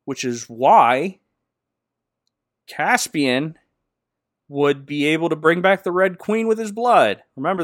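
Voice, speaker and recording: A man's voice: on the high side, a bit bright, dry recording, clean studio sound. A man giving a jokey, slangy recap of a movie plot, laughing often. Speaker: podcast host.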